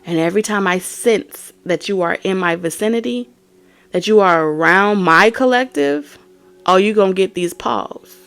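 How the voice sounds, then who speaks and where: Woman, tarot reader, profane, blunt, scolding, medium pitch. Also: moderate pace, vocal fry, a bit bright. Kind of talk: profane tarot reading rant.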